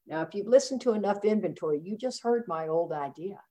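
Sharing at a recovery meeting, a woman with a medium-pitched voice speaks briskly with few pauses. She tells a personal story in an animated way, acting out the voices of the people in it.

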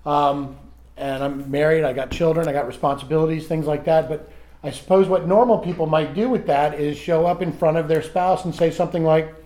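Middle-aged guy sharing at a meeting, pokes fun at himself, stumbles and restarts a lot, voice a bit high. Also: fairly even intonation, darkish tone. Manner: self-mocking, halting with repeated restarts. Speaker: recovery group member sharing. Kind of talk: candid personal sharing.

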